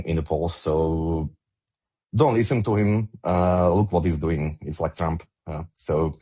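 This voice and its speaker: A man's voice: low-pitched, dark tone, slightly rough. A man from Slovakia with a Slovak accent speaking English, talking emphatically and repeating words as he searches for them in an online audio discussion. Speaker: guest commentator.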